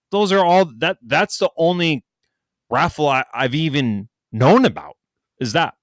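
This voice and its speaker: Recorded dry, a young man's fairly high voice moves at a moderate pace. As a podcast co-host he tells a story casually, cursing freely and loudly mimicking what others said.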